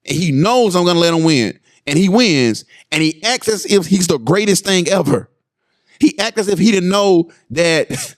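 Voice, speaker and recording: A man in his thirties hosting a casual parenting podcast. He tells family stories in a lively way, keeps checking in with his listeners, and acts out his sons' voices with big jumps in pitch. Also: normal speed. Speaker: podcast host and father.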